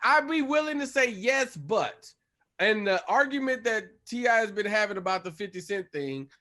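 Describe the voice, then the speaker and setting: Bright high-voiced man telling stories. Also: animated. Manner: quick storytelling with restarts and acted quotes. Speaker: comedian panelist. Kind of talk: casual comedic banter.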